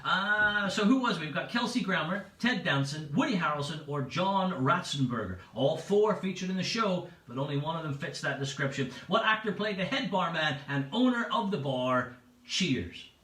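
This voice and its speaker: A chatty male quiz host with a high, bright voice and lively ups and downs, reading questions twice and chuckling at his own asides. He sounds a little distant from the mic in a roomy, echoing space. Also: moderate pace. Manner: chatty, repeats each question, laughs at own jokes. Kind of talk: livestreamed pub quiz hosting. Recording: echoey room, away from the mic.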